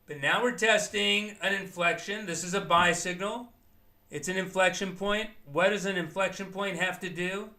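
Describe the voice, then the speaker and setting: A man's voice: high-pitched, fairly even intonation, normal speed, sharp tone. A man teaching day trading live, explaining chart signals step by step and thinking aloud as he goes. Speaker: trading educator. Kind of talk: live market commentary.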